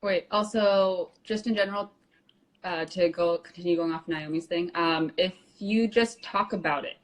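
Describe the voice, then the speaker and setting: Low-voiced woman chatting casually. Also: normal speed, rough recording. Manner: casual, heavy on "like" and "um", laughs easily. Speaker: co-host. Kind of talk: casual live-stream chat.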